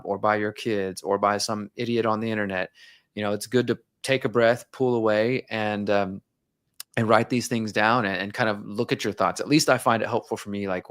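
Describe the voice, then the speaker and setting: A man's voice: on the low side, fairly bright tone, no room sound, clean studio sound. A man speaking as an interview guest, talking candidly and reflectively, and sometimes acting out his own inner dialogue.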